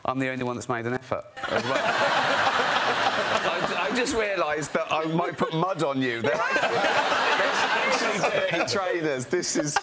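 A man telling comic stories as a talk show guest and breaking into frequent loud laughter. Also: fairly high pitch, big pitch swings, a little slow, heavy background noise. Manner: laughs often and loudly through his own stories. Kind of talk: comic anecdotes on a chat show.

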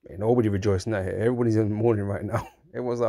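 Gravelly low-voiced man preaching casually. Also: steady tone, very fast, dark tone, no room sound, studio quality. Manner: conversational, keeps asking "right?" and saying "man"; chuckles through his points, mocks in put-on voices. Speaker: religious commentator. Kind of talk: informal preaching monologue.

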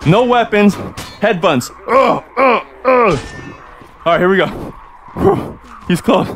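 Super high-pitched guy streaming a game, bouncy voice, yelling and laughing a lot. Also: slow, soft background music. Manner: excitable and playful, loud exclamations. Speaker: gameplay host. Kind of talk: excited live-stream game commentary.

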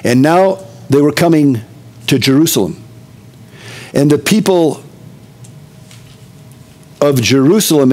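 A man's voice: medium pitch, a little mellow. A middle-aged male pastor preaching a conversational expository sermon, with emphatic repetition.

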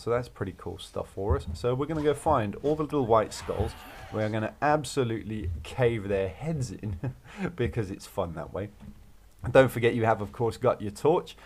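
A man's voice: medium pitch, darkish tone. A man hosting a video game walkthrough, talking through his play in an upbeat, chatty, jokey way. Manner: upbeat, chatty and jokey, with playful rhymes and laughs. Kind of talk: casual gameplay commentary.

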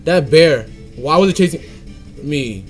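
A man's voice: a little high, lively intonation, a little slow, soft background music. A young man giving playful let's-play commentary, singing silly made-up tunes and scolding the game. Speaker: gaming channel host.

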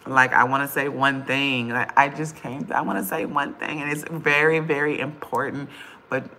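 Woman, livestream vlogger, casual chat with viewers, gravelly, bright tone, impatient, bantering. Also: rumbling low, normal speed, a little hiss or hum. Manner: impatient, bantering, loud bursts of excitement.

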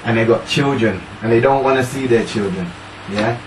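A man's voice: medium pitch, moderate pace. A man talking about fatherhood in casual discussion, emphatic and prodding his listeners with "yeah?". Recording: roomy, distant mic, faint noise.

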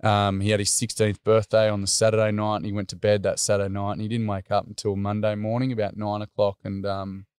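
A man's voice: lowish voice, level tone, fast, hardly any pauses, a little mellow, clear, resonant tone, no echo, clean studio sound. A middle-aged Australian man telling a personal story earnestly, with many fillers. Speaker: interview guest.

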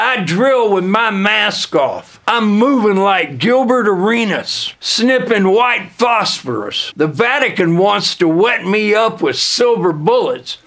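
Guy with a higher voice droning out goofy rap brags real slow, totally deadpan comedy bit. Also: vocal fry. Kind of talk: spoken-word comedy rap parody.

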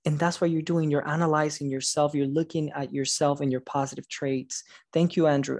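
This teacher educator speaks on the high side but with a darkish tone, level and fairly quick, in a dry studio-quality recording. Presenting at a conference by video call late at night, he sounds weary, cheers the audience on and praises their answers as he reads them out, sometimes tripping over and restarting words.

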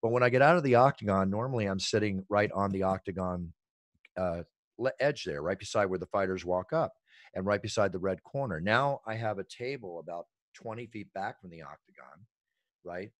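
A middle-aged man telling stories in an animated, emphatic way as an interview guest. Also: deep voice, brisk, no echo. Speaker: ring announcer and guest. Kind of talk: energetic interview talk.

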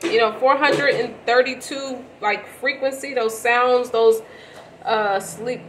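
A woman with a slightly high voice reads tarot cards casually for an audience. Her talk is loose and slangy, and she restarts and corrects herself as she goes. A faint noise sits behind her. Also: steady tone, slow pace, rough recording. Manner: rambling, slangy, self-correcting. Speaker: tarot reader. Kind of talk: casual tarot reading to camera.

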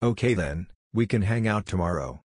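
A man's voice: on the low side, animated, moderate pace, darkish tone, slightly rough, dry recording, studio quality. A man reading as an easygoing teenage boy ninja. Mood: friendly.

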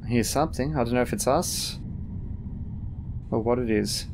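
Let's play host, man, reads game text evenly, average pitch. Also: moderate pace, background noise. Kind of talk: reading game dialogue aloud.

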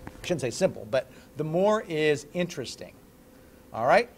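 A man lecturing in a classroom as a university professor, playful and animated, breaking up the lesson with jokes. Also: fairly high pitch, normal speed.

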